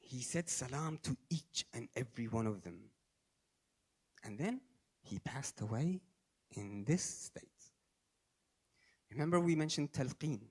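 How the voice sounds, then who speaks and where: A man's voice: animated, measured pace, long pauses, slightly rough. Storytelling man giving a sermon. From Australia. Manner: storytelling, shifting between soft low asides and raised emphatic lines; sprinkles Arabic and Farsi religious phrases. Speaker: speaker at a religious gathering.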